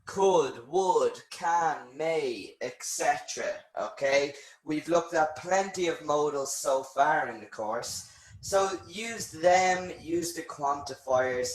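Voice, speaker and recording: A man teaching English online, spelling out each point at a very unhurried pace. His voice sits somewhat high, and he keeps checking in with a quick "okay". The sound carries a noticeable room echo. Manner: slow, clear explaining with frequent "okay". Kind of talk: online English lesson webinar.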